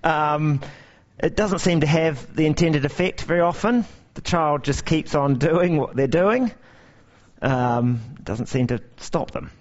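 A man preaching a sermon, telling stories with lively, emphatic repetition. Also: a little high, unhurried. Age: young adult to middle-aged parent. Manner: animated storytelling with emphatic repetition. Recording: dull lo-fi recording.

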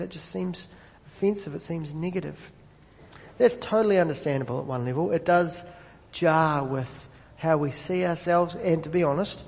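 A man preaching a sermon in a relaxed, conversational way, often restarting words as he goes. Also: a little high, big-room sound. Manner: conversational, self-correcting preacher. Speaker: pastor.

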